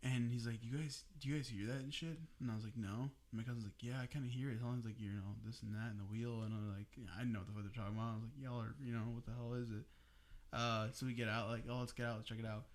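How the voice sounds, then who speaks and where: A young man co-hosting a podcast, telling a story casually among friends in an animated way, swearing freely and laughing as he goes. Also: medium pitch, racing. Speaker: podcast co-host.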